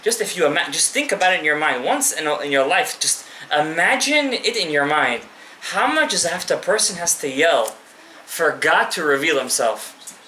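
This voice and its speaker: A man delivers a fervent Torah lesson, speaking straight to his audience and dropping Hebrew terms into his talk. His voice is bright and his pitch leaps and falls with feeling. The recording is roomy with a faint murmur behind. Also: lively intonation, moderate pace, a little hiss or hum. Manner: impassioned, addresses listeners directly, mixes in Hebrew terms. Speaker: rabbi. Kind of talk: live Torah class to an audience.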